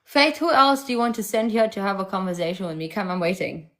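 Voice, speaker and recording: A woman's voice: medium pitch, expressive, fast. A woman from South Africa with a South African accent, hosting a live stream, talking to callers in a sassy, taunting way. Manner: sassy, taunting, switching voices. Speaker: livestream host.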